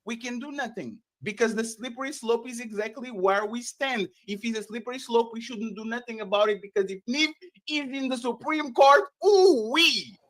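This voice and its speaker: High-voiced, animated male panelist. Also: normal speed. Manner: animated, argumentative, stumbles and restarts often. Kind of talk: casual debate.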